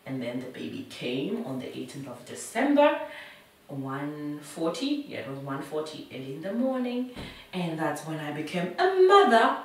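A young woman talks to camera in a casual, animated storytelling voice, acting out the people in her story. Her pitch swings up and down a lot. The sound is roomy and echoey, with her voice set back from the mic. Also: normal speed, far from the mic. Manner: animated, acts out what others said. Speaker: vlogger telling her birth story. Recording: echoey room, voice away from mic.

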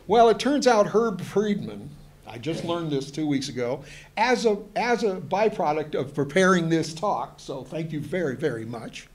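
A man with a somewhat high voice delivers a lecture to an audience. He keeps stopping on uh and um and restarting his sentences, and he drifts into chatty, joking asides. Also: very animated, normal speed. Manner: hesitant, full of fillers and restarts. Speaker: museum historian giving a presentation.

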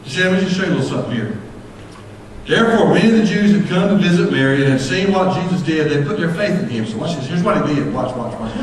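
A man preaching a sermon as pastor, folksy and impassioned, rising to shouts at his peaks. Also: on the high side, expressive, fast talker. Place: church sanctuary. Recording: echoey church hall from far off.

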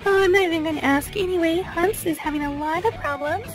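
Woman as measured, reassuring female doctor, high bright pitch. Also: faint music behind. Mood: calm. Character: calm female hospital doctor. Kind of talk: toy play voice acting.

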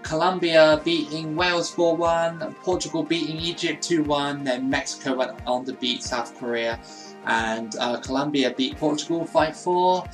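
A man's voice: on the high side, steady tone, moderate pace, faint music behind, poor audio. A young man giving casual commentary on a football video game, swearing and ranting at the computer opponent. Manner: frustrated, swears, rants at the game. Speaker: gaming YouTuber.

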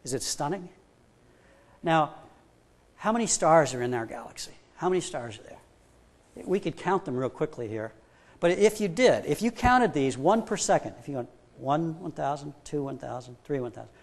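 A man preaching a sermon, stressing his points with rhetorical questions and retelling a story by acting out both people in it. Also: a little high. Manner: emphatic, builds up with rhetorical questions. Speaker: pastor.

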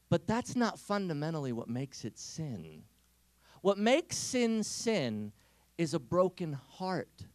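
Animated male speaker for teens, chatty and expressive, dry close recording. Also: sits high, no room sound. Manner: animated storyteller who acts out quotes; conversational, with frequent fillers and restarts. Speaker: speaker at a youth event. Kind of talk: talk to teenagers.

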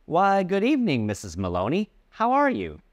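A man's voice: sits high, huge pitch swings, moderate pace, no room sound, voice pushed up. A man voicing a friendly, helpful male shopkeeper.

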